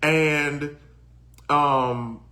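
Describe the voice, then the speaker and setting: A man's voice: on the high side, steady tone, very slow, sharp tone. A man in his thirties from Detroit with a country twang, co-hosting a podcast in a laid-back, storytelling way. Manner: laid-back, storytelling, reads comments aloud. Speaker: podcast co-host. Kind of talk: casual chat, reading viewer comments.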